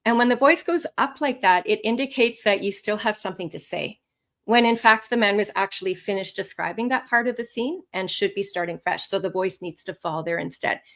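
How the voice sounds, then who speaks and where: Woman test-prep instructor, expressive and animated, live online lesson. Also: mid-range voice, fairly quick. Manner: lively, expressive intonation. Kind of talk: live webinar teaching.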